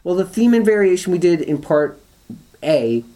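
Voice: medium pitch, big pitch swings, normal speed, mellow. A music teacher explaining call and response during a guitar lesson, thinking aloud with restarts and fillers, with guitar playing in between.

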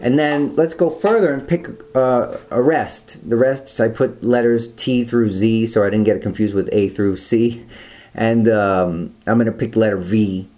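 A man teaching guitar rhythms, explaining step by step in a relaxed way and counting beats aloud. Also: lowish voice, unhurried. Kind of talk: instructional talk with counting.

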